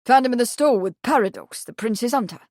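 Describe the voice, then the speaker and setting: A woman doing a gruff old stable hand. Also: a little high, expressive, fairly quick, a little mellow, no echo, clean studio sound. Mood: gruff, urgent. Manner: gruff, respectful. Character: gruff shaggy-haired male stable servant, blunt.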